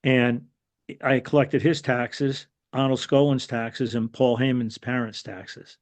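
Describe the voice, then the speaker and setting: A man's voice: medium pitch, takes it slowly. An older man from New York telling stories casually as a podcast guest, with lots of fillers and restarts. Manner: rambling, many fillers and restarts, animated quotes. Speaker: guest, former wrestling referee. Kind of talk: casual storytelling.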